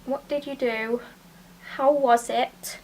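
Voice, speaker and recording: A young British woman chatting casually while doing her makeup, often dropping into soft whispers. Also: sits high, fairly even intonation, takes it slowly. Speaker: beauty vlogger. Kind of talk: casual get-ready-with-me chat.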